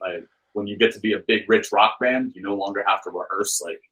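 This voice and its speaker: A man's voice: on the low side, a little fast, poor audio. A man, a film director and author, guesting on a podcast and telling a story in a loose, chatty way with plenty of filler words. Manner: lively anecdote-teller with loose filler words; acts out the people he quotes with shifted voices. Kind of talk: casual storytelling.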